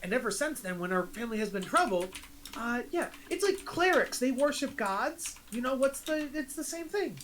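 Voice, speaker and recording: A man's voice: very high voice, expressive, a bit bright, a little hiss or hum, voice pushed up. A man voicing a rambling devil-pact father. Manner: halting, rambling. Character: scheming devil-pact father, male, middle-aged. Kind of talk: game master voicing a character.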